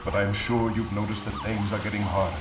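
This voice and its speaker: A man's voice: fairly low pitch, level tone, brisk, natural voice. A man voicing a scheming mad scientist villain in a video game, speaking in a theatrical, falsely fatherly, commanding way. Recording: echoey distant game audio with music. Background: game music.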